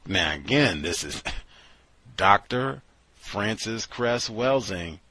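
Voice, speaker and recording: A low-voiced man hosts a commentary show in a husky, bright-edged voice that rides a very lively pitch range. His delivery is sardonic and incredulous, dropping to mutters and then springing up to exclamations. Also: very slow, no echo, poor audio. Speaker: show host. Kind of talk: talk show commentary monologue.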